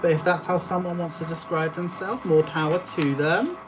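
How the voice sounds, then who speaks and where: A woman's voice: lowish voice, steady tone, moderate pace, over music. A young woman, chatting casually in a vlog while making cash envelopes, giggly and joking as she rambles. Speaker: budgeting vlogger. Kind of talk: casual chat while doing a craft task.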